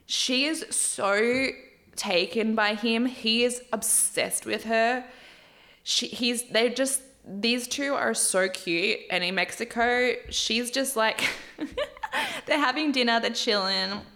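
A woman's voice: on the high side, lively intonation, slow, pushed and bright. A woman with an Australian accent hosting a reality TV recap in casual chat, gushing, swearing freely and giggling often.

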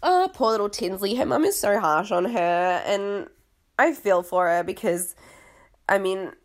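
A young woman with an Australian accent talks in a loose, rambling way, giggling at herself and trailing off mid-thought. She sounds a little sniffly and hoarse, as if her voice is wearing out. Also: mid-range voice, lively intonation, measured pace. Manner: chatty, rambling, giggly, self-deprecating. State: sniffly, voice failing. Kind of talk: casual reality-TV recap.

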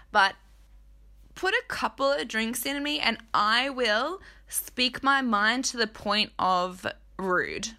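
A woman's voice: a little high, sharp tone. A woman hosting a casual TV recap, talking in a candid, blunt, chatty way and swearing freely. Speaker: host.

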